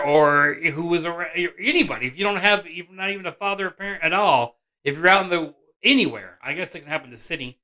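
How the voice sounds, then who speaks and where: Excitable rambling man telling a story. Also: a little high, quick pace, few pauses. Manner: excitable, rambling, frequent restarts and self-corrections. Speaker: vlog host and father. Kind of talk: animated personal storytelling to camera.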